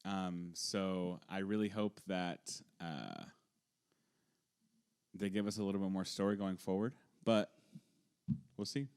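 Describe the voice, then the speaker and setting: A man's voice: low-pitched, fairly even intonation, slow pace, pauses often, darkish tone, clear, resonant tone. A man co-hosting a podcast, chatting casually and cracking offhand, wry jokes. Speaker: podcast co-host. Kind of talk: casual chat recapping wrestling.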